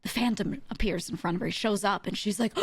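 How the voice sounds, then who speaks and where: A woman streamer in casual chat, animated and giggly, often breaking into exclamations and laughter. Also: medium pitch, fast, breathy edge, no room sound.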